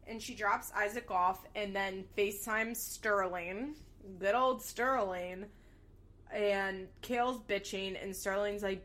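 A woman's voice: mid-range voice, takes it slowly, a bit bright. A young woman casually recapping a reality show, candid and sarcastic, swearing freely as she gossips about the cast.

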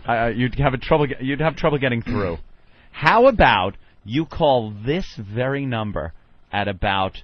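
A man's voice: medium pitch, animated, normal speed, a little hiss or hum. A male radio host talking in a wry, mocking way, telling stories on air. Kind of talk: radio show banter. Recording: dull lo-fi radio broadcast.

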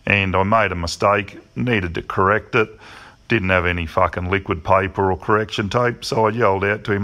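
A middle-aged man with a Queensland accent tells a yarn in an easygoing, swearing way. His voice sits fairly low. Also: fairly even intonation, moderate pace, pushed and bright. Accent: Australian, Queensland. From Australia. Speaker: caller.

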